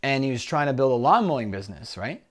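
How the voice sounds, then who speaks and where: A man co-hosting a casual business chat, talking conversationally and pitching a one-on-one call. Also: big pitch swings, quick pace. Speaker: business coach co-host.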